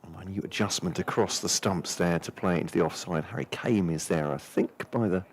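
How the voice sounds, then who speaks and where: Low voiced guy doing careful cricket commentary, goes through who's fielding where. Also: brisk, a little hiss or hum. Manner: careful, methodical, checks the fielding positions aloud. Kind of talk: live sports commentary.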